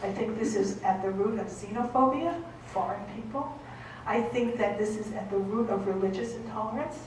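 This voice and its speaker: A Boston woman with a Boston accent gives an emphatic conference lecture, often checking in with "okay?" Her medium-pitched, slightly mellow voice moves at normal speed and sounds distant in an echoey hall, with a little hiss or hum.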